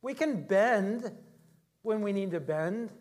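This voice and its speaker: A man's voice: high voice, lively intonation, slow pace, darkish tone. A middle-aged male pastor preaching a sermon in a conversational, storytelling way, often chuckling at his own anecdotes.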